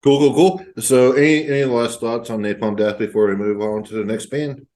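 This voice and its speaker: A man's voice: medium pitch, steady tone, fairly quick, warm tone. A man hosting a podcast, moderating the talk in a joking, irreverent way. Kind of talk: casual podcast discussion.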